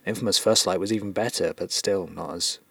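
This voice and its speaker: A man's voice: low-pitched, steady tone, brisk, pushed and bright, husky, no room sound. A man from the UK co-hosting a podcast in loose, joking, rambling casual chat. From United Kingdom. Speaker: podcast co-host.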